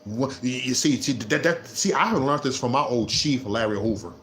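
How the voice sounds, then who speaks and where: A man ranting on his vlog, repeating himself and swinging between low muttering and loud laughing outbursts. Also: animated, moderate pace, slight background noise. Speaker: vlogger. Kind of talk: unscripted livestream rant.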